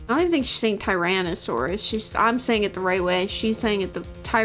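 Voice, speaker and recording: A woman's voice: mid-range voice, expressive, fairly quick, hardly any pauses, a bit bright. A woman streamer reading video game dialogue aloud, playful and chatty. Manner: playful, laughs at own voicing. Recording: faint game music behind.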